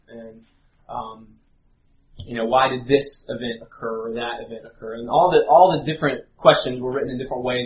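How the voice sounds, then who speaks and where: A man, preaching a sermon in an earnest, halting way with many fillers. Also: mid-range voice. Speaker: pastor. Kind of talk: sermon with prayer and storytelling. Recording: roomy, slightly dull live recording.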